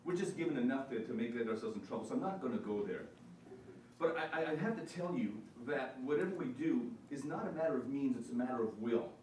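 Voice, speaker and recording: A man's voice: mid-range voice, animated, fast, a little mellow, slight background noise. Man, earnest motivational speech, echoey hall, distant mic. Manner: storytelling, earnest, repeats himself for emphasis. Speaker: small business consultant speaking at a forum. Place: meeting hall. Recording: echoey hall, mic far off, faint ambience.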